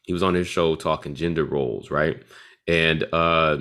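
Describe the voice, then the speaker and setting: Deep-voiced laid-back man hosting. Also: steady tone, moderate pace, fairly bright tone, clear, resonant tone. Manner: laid-back, retells stories with quoted voices. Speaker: podcast host. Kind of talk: casual chat.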